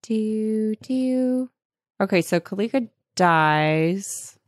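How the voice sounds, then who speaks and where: A woman's voice: medium pitch, expressive, very slow, a little hiss or hum. A woman co-hosting a podcast in casual chat, reading book passages aloud and swearing casually. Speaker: podcast co-host.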